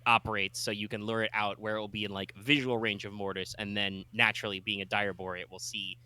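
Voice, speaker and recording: A man's voice: on the low side, level tone, quick pace, sharp tone, clean tone, no room sound. A man running a tabletop game as game master, explaining rules in a rambling way with lots of filler words.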